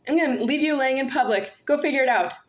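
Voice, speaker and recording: A woman's voice: sits high, fast talker. A woman vlogging alone, rambling and confrontational, repeating herself as she speaks to an unseen "you". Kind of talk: rambling monologue to camera.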